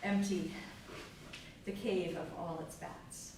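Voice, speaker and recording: A woman guiding a yoga class in a gentle, encouraging way, often asking the listener how they feel. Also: lowish voice, steady tone, takes it slowly. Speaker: yoga teacher. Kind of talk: guided yoga class instruction. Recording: echoey room, mic far off, faint hiss.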